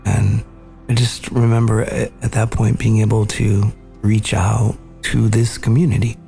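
A man hosting a podcast, earnestly recounting a family memory in a measured, reflective way. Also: fairly low pitch, little pitch movement, vocal fry, mellow, faint music behind. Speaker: podcast host. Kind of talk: reflective storytelling conversation.

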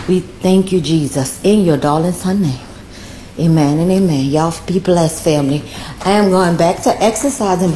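New woman caller, mellow low-ish voice, fervent repetitive prayer. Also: a little hiss or hum. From New Orleans. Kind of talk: call-in spoken prayer.

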